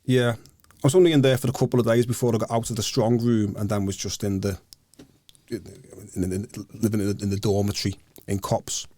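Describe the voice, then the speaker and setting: A man guest on a podcast, telling a personal story in a halting, earnest way, often repeating words before he finds them. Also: fairly low pitch, little pitch movement, mellow. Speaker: guest, author. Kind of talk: casual storytelling interview. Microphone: podcast microphone.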